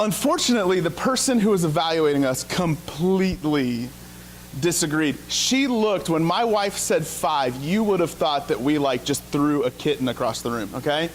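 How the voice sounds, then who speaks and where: Male pastor from Ohio, slightly higher voice, casual storyteller with a sarcastic streak. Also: slight background noise. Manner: casual, self-deprecating, sarcastic asides. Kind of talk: conversational sermon with storytelling. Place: church sanctuary.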